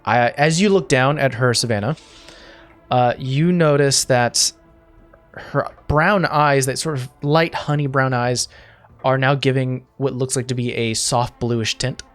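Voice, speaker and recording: A man's voice: medium pitch, steady tone, a little slow, fairly bright tone, soft background music. A man narrating a tabletop game as game master, describing scenes in a rambling way with many fillers and restarts.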